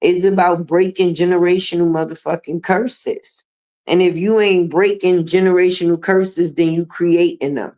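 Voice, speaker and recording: A woman's voice: lowish voice, steady tone, normal speed, warm tone. A middle-aged woman hosting a livestream, talking in a blunt, profane, sassy way as she comments and chats with viewers. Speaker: livestream host.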